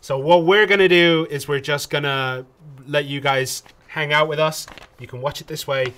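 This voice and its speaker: A man's voice: on the high side, fairly even intonation, normal speed, a bit bright. A man from England co-hosting a casual livestream game tutorial, chatty with lots of ums and restarts. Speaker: community manager co-hosting a game tutorial stream.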